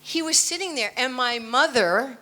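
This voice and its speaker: A woman's voice: high-pitched, lively intonation, normal speed, sharp tone. A woman in her sixties with a New York accent, giving a blunt, emphatic motivational keynote full of personal stories. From United States. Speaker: keynote speaker. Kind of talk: motivational speech.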